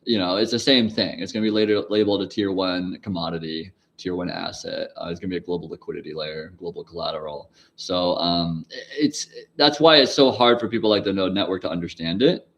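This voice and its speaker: A man's voice: low-pitched, brisk. Rambling, laughing livestream host, man. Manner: rambling, laughs often, sudden loud outbursts; swears casually. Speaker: livestream host answering chat questions. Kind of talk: casual livestream chat.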